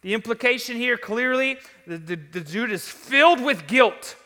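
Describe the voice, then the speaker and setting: A man's voice: very high voice, lively intonation, moderate pace, bright, forceful tone. A man preaching a sermon to his congregation in a conversational, storytelling way, in a large church sanctuary. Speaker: pastor. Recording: long reverb of a large hall.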